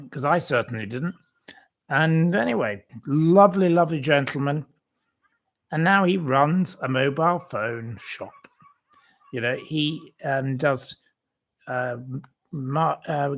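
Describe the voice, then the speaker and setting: A man with a fairly high, gravelly, somewhat bright voice takes his time and pauses often. Hosting his own channel in a casual livestream chat, he tells viewers a meandering story riddled with fillers and restarts.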